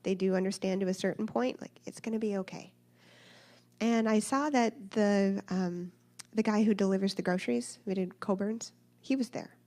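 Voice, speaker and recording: A woman's voice: mid-range voice, moderate pace. A woman in her thirties telling a personal story in a church talk, acting out the voices of the people in it. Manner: animated, acts out voices of others in her story. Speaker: speaker sharing a personal story.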